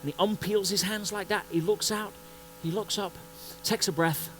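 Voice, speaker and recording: A man giving a motivational talk at a conference, telling a story in an animated way and acting out the scenes. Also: high-pitched, moderate pace, a little hiss or hum, rough recording. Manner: animated, acts out scenes and voices. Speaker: conference speaker. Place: conference stage before an audience.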